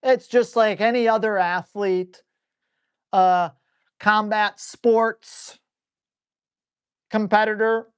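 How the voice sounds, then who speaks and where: A blunt male dog trainer answering viewer questions live. He talks in an excitable, salty way and keeps jumping into quick acted-out asides. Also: sits high, smooth. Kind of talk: live Q&A stream.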